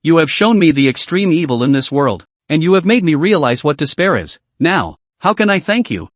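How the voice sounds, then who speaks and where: A man's voice: fairly high pitch, sing-song, a little fast, dry recording. A man reading the lines of a cold, scornful young emperor taking revenge.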